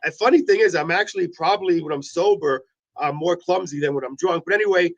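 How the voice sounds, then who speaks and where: High-voiced rambling man host, dull audio. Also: fast. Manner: rambling storyteller, many restarts. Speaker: radio morning host. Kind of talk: casual chat.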